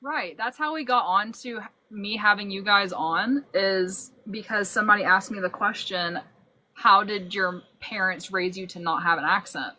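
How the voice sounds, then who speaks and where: A woman's voice: medium pitch, normal speed, pushed and bright, slight background noise, rough recording. A young woman from Alabama with a nearly neutral accent, hosting a casual livestream and reading out viewer questions. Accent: barely any Southern, mostly neutral American. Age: young adult. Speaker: livestream host.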